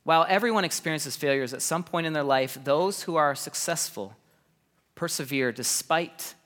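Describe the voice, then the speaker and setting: A man in his thirties preaching a sermon, energetic and animated, telling stories with repeated words and laughs. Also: fairly high pitch, normal speed, in a large hall. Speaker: pastor.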